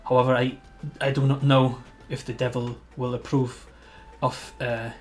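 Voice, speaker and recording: A man's voice: mid-range voice, flat delivery, moderate pace, faint music behind, lightly acted. A man voicing a frail goblin holy man. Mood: earnest. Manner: soft, hesitant, apologetic.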